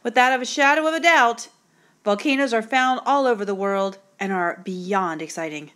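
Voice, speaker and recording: A woman's voice: a little high, moderate pace, fairly bright tone. A woman teacher recording a video lesson, with upbeat, encouraging and direct instructions.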